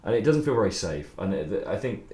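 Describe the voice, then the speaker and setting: Young songwriter, low voice, loose rambling stream talk with swearing, recorded in an echoey room. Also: male voice, big pitch swings, a little fast, a little mellow. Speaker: songwriter streaming his writing process. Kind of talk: casual livestream chat.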